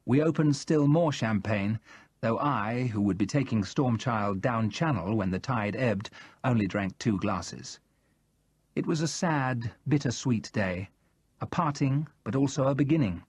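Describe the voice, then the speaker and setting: A man narrating a novel in the first person, in a measured and expressive manner. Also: medium pitch, husky, no room sound. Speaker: audiobook narrator.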